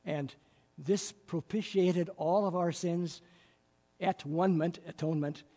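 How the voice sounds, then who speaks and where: A man with a slightly high, husky voice teaches a Bible class, working through word meanings with eager enthusiasm and plenty of fillers. His tone is mellow rather than bright. A long reverb trails behind every phrase. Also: a little slow. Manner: explanatory, enthusiastic, with frequent fillers. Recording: reverberant room.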